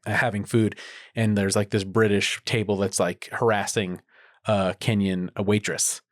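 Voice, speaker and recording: A man's voice: on the low side, flat delivery, normal speed, no echo, studio quality. A man co-hosting a podcast in casual chat, rambling with lots of fillers and restarts. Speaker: podcast co-host.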